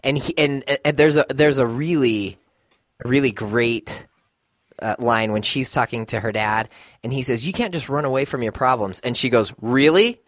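A man's voice: mid-range voice, no echo, studio quality. A man co-hosting a podcast, talking casually and thoughtfully about a film, with some hesitations. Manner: thoughtful, hesitant, reads quotes aloud. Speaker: podcast co-host.

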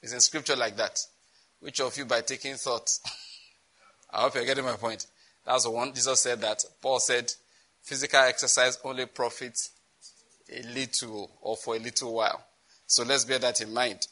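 A man's voice: mid-range voice, level tone, moderate pace, pushed and bright, poor audio. A man preaching a sermon on prayer, chatty and often breaking into laughter. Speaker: pastor.

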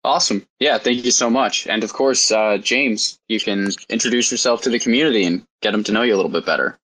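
A man hosting a live audio discussion, relaxed and rambling with frequent fillers. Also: fairly low pitch, fast talker, rough recording. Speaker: host.

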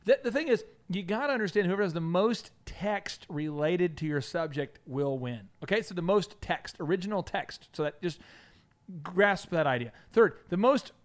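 A man hosting a comedic business podcast, animated and jokey, slipping into silly put-on voices. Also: high-pitched, normal speed. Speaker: podcast host.

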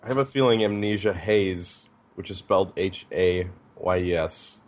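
A man co-hosting a casual podcast, making deadpan jokes. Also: deep voice, moderate pace. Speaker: podcast co-host. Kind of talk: casual chat.

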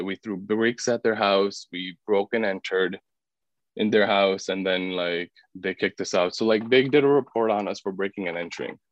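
Male podcast guest, low voice, casual storyteller who voices the people in his story; dull, dry recording. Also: dry recording. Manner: expressive, acts out other people's words; filler-heavy, frequent "like".

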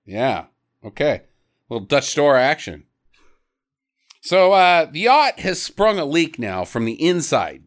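A man talks through a movie plot on a podcast, joking and slipping into quick impressions of the characters. His voice sits high and swoops all over the place. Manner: animated, jokey, mimics characters. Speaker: podcast co-host. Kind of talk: casual movie recap chat.

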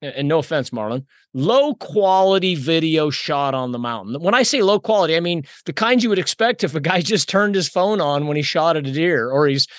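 Chatty podcast host, higher-voiced man. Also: moderate pace, hardly any pauses, no echo, studio quality. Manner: energetic, chatty, repeats words. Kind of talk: casual podcast conversation.

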